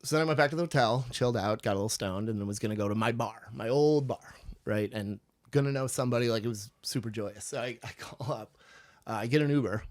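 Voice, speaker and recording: A man from Chicago telling a long, rambling story on a podcast, animated and swearing freely as he laughs along. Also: mid-range voice, fast.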